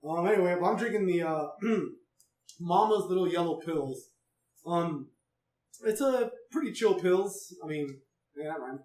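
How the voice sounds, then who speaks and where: A man's voice: high-pitched, unhurried, darkish tone. Laid-back man hosting, echoey room. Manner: laid-back, swears freely, laughs often. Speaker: podcast host. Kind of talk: casual chat over drinks. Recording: echoey room, mic at a distance.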